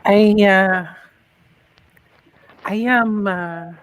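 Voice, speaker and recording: A player in a tabletop role-play game, speaking slowly and deliberately and asking many questions. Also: mid-range voice, rough recording. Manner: slow, deliberate, asks questions.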